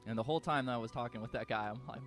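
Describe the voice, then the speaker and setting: A man's voice: mid-range voice, very fast. A man chatting casually on a live game stream, rambling through stories and swearing now and then. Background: game music.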